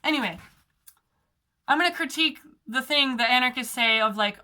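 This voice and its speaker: Heated, sarcastic young woman, high bright voice. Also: lively intonation, normal speed. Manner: sarcastic, heated, many fillers like "like" and "okay". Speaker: organizer giving a talk. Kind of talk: impassioned political talk.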